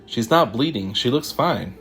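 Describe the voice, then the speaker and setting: A man's voice: medium pitch, animated, unhurried, a bit bright, soft background music, pitched above the performer's own voice. A man voicing an anxious young boy inventor who gets defensive and snaps when criticized. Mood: tense. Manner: snappish, nervous.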